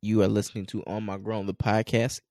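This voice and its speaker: Man, podcast co-host, lowish voice, easygoing, casual chat, dry close sound. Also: little pitch movement, brisk, a little mellow, no room sound. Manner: easygoing, handles show announcements.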